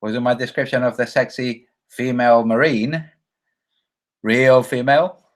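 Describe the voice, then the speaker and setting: A man hosting a casual livestream, rambling and joking, reading viewer comments aloud and acting out quoted voices. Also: moderate pace. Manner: acts out quoted voices with big pitch jumps. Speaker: livestream host.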